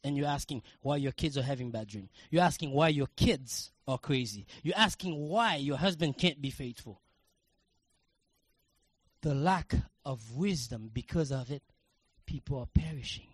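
A man preaching a sermon, telling everyday stories in a casual way and building to passionate shouts. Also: mid-range voice, lively intonation, normal speed, husky, no room sound. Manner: conversational storytelling, rising to passionate shouting.

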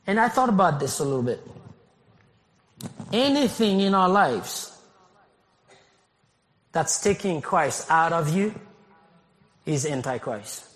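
A man from Haiti preaching a sermon as pastor, animated, laughing often and rising to shouts. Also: a little high, slow pace, long pauses. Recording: long hall reverb.

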